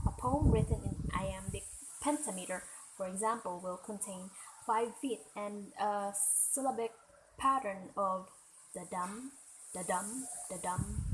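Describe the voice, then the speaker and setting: A woman giving a step-by-step lesson on analyzing poems, in a steady, instructive manner. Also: mid-range voice, heavy background noise. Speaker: student presenter.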